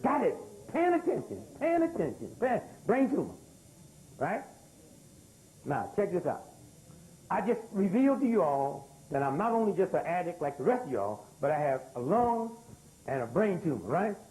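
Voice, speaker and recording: An older man lecturing before a live audience, his pitch leaping high and sinking low as he works the crowd. He keeps asking the room to answer back and repeats his key words with heavy emphasis. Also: moderate pace, long pauses, a little hiss or hum, poor audio. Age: 60s. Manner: animated, calls out to the crowd for responses.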